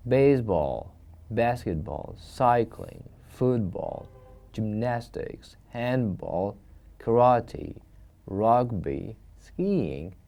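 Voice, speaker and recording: Slow, mellow-voiced male English teacher. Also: medium pitch. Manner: slow, repeats each word for pronunciation practice. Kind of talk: video lesson, vocabulary drill. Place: studio recording.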